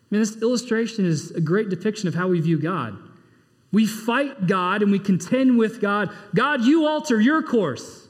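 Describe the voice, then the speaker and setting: A pastor preaching a sermon, swinging between loud, emphatic bursts and low, quiet asides. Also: male voice, moderate pace, long reverb tail.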